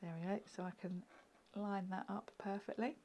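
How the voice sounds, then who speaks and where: A woman's voice: medium pitch, little pitch movement, normal speed, a little mellow, a little hiss or hum. A woman chatting and giggling through a live card-making demonstration, often dropping to a murmur as she works. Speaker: craft demonstrator.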